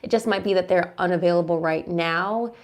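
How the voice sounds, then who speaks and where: A woman's voice: lowish voice, brisk. A young adult woman giving a casual, reassuring tarot reading who murmurs her questions to the cards. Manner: chatty, reassuring, asks the cards aloud in a murmur. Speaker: tarot reader.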